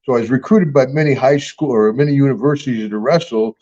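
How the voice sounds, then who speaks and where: A man's voice: mid-range voice, fast, mellow, muffled recording. An older man telling rambling, folksy stories with frequent chuckles in a casual interview. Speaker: guest and star of the show.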